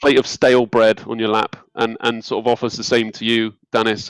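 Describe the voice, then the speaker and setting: A man's voice: fairly low pitch, level tone, fairly quick, few pauses, clear, resonant tone, dry recording, low-quality recording. A man narrating as game master, hesitant with many ums.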